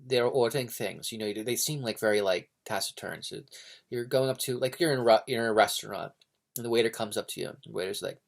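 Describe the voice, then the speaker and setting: A man's voice: on the low side, fast, gravelly. A man talking casually and unscripted about a novel, rambling with many fillers and restarts. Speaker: book reviewer. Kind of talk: casual unscripted book review.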